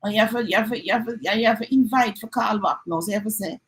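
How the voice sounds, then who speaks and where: A woman's voice: fairly high pitch, rapid-fire, hardly any pauses, low-quality recording. Chatty Jamaican woman mixing in patois. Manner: chatty, mixes in patois, acts out little dialogues. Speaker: host of a live stream. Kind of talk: casual live-stream chat.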